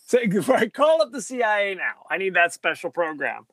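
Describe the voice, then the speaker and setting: A man co-hosting a movie podcast in casual chat, lively, often acting out quoted lines. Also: high-pitched, moderate pace, no room sound. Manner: animated, acts out quotes in changing voices. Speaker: podcast co-host.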